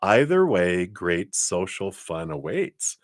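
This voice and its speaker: A man's voice: low-pitched, sing-song, slow, no echo, studio quality. A man giving live-stream tarot readings, chatty and upbeat, rambling from card to card. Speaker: tarot reader.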